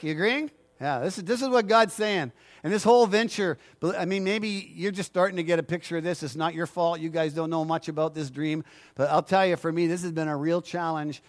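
A middle-aged male pastor preaching a sermon, emphatic and repetitive, asking the congregation for agreement. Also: high voice.

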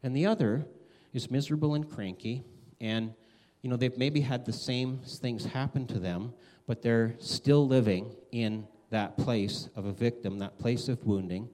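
Guy preaching a sermon, chatty and animated, jumps way up when he acts out quotes. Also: unhurried, hardly any pauses. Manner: animated, conversational, acts out quotes with big pitch swings. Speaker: pastor.

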